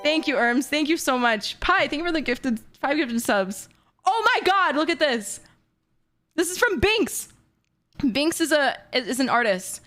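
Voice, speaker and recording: A woman's voice: high-pitched, expressive, normal speed, fairly bright tone. A woman in her twenties streaming casually, reading fan messages aloud in a bubbly, giggly way. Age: 20s. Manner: bubbly and giggly, often breaking into laughter.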